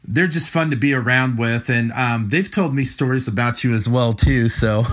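A man hosting a casual interview, easygoing and slow with frequent fillers. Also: mid-range voice, a bit bright. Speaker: podcast host.

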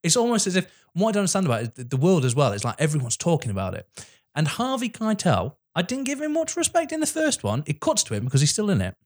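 A man in casual film chat, fast and laughing, retelling scenes with animation. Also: sits high, huge pitch swings.

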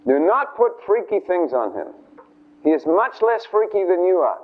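A man preaching an informal sermon, telling a story and acting out the voices of its figures in a chatty, animated way. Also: high voice, normal speed. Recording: tinny lo-fi radio broadcast.

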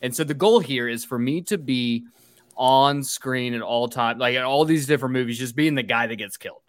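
A man's voice: medium pitch, fairly quick, no room sound. A man co-hosting a podcast, recapping a film plot with wry, sarcastic asides. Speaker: podcast co-host. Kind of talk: casual chat recapping a film.

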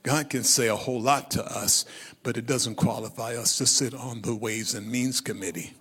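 A male pastor preaching a sermon, telling the story in a lively way and calling on the congregation to repeat phrases. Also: medium pitch, normal speed, in a large hall.

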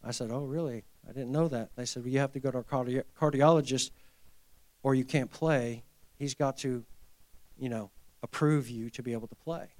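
Speaking at a medium pitch, a middle-aged male pastor opens his sermon with a story and rises into fervent exhortation, shifting from quiet, hushed delivery to loud emphasis.

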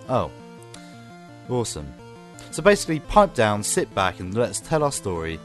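A man hosting a podcast, chatting playfully and laughing often, then reading his film review. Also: on the low side. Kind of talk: casual chat and scripted film review.

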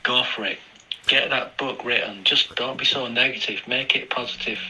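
Sweary British man, very bright voice. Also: medium pitch, moderate pace, slight background noise, poor audio. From United Kingdom. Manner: chatty, sweary, animated. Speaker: listener sending a voice message. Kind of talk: casual recorded voice memo.

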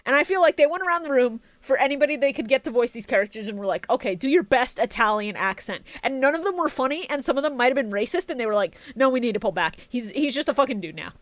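A woman co-hosting a casual podcast, swearing freely and quick to laugh. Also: high-pitched, animated, no room sound. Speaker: podcast co-host.

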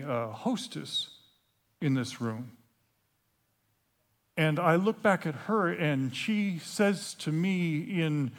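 A man delivers a storytelling sermon in an animated, playful way, acting out scenes as he goes. His voice sits a little high, and he takes his time, often breaking off and restarting a phrase. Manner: halting, with frequent restarts. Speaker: preacher.

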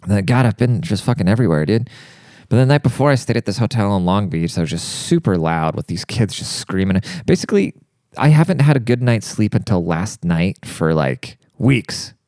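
In a dry, studio-quality recording, a young man with a low, warm voice gives a crude, rambling comedic monologue. He's fired up and profane, leaning heavily on swearing and saying "dude" a lot.

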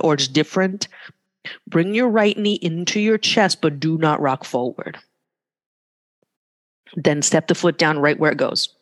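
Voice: mid-range voice, big-room sound. A yoga teacher cues poses and breathing during a live class, with casual, joking asides between the cues.

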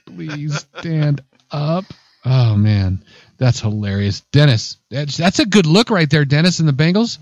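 A man's voice: mid-range voice, normal speed, dry recording. A man co-hosting an internet radio show, chatting casually, laughing and swearing through loose banter. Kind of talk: casual chat.

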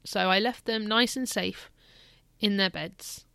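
A mother speaks candidly and reflectively about her own experience, in a vlog style. Her voice has a gravelly, fry-edged texture. She is recorded close and dry, with no room sound. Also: mid-range voice, fairly even intonation, slow, bright, forceful tone, no room sound. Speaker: parent. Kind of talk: personal parenting vlog.

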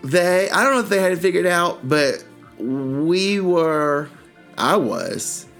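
A man's voice: a little high, very animated, takes it slowly, fairly bright tone, faint music behind. A man in his forties co-hosting a podcast with jokey, playful, nostalgic casual chat. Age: 40s. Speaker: podcast co-host.

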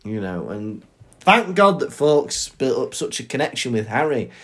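A man co-hosting a podcast, chatting casually and playfully about a book chapter and slipping into quick impressions. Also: medium pitch, big pitch swings, a bit bright. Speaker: podcast co-host.

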